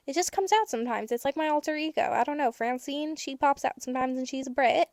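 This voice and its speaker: A teenage girl hosting a podcast, giving candid, chatty advice with casual swearing and bursts of excitement. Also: high-pitched, fairly quick, few pauses, no room sound. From United States. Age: teens. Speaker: podcast host.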